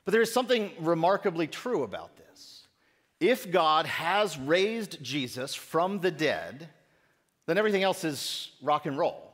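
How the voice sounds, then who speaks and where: A man's voice: fairly high pitch, animated, unhurried, fairly bright tone. A middle-aged man preaching a sermon as pastor, in a conversational way with self-deprecating humor. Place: church sanctuary. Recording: echoey church sanctuary.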